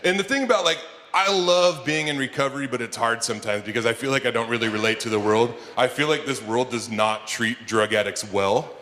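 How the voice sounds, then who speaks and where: A man's voice: fairly quick, few pauses. Man doing stand-up in a reverberant hall. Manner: animated, jumps into high-pitched shouted bits when acting out scenes. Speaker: stand-up comedian and keynote speaker. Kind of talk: stand-up comedy storytelling. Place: conference hall before a live audience. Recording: long hall reverb, faint room noise.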